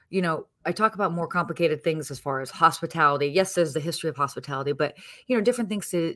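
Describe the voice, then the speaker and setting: A woman with a slightly low voice keeps things hushed, since she is talking from a hotel early in the morning. She runs through a hospitality news segment in an upbeat, chatty way, with plenty of fillers along the way. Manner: hushed, softly spoken. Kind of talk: casual news segment, then chat.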